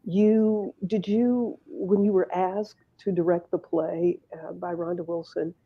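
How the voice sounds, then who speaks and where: Woman interview host, measured questioning, lower voice, muffled recording. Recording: muffled, lo-fi sound.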